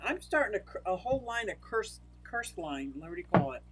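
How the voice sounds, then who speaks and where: An older woman hosts a livestream, chatting casually, laughing a lot and replying to viewers by name as she reads comments. Her voice is fairly low and expressive, at normal speed with hardly any pauses, over some background noise.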